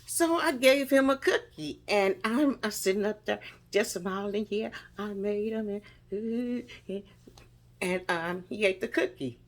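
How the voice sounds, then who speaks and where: A woman's voice: medium pitch, measured pace. Laughing woman telling a family story. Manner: animated, laughing often while telling the story. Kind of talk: storytelling a personal memory.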